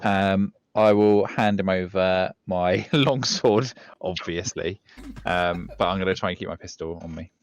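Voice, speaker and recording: Deep-voiced man playing a tabletop game. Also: steady tone, a little slow. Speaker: player. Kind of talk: casual tabletop game chat.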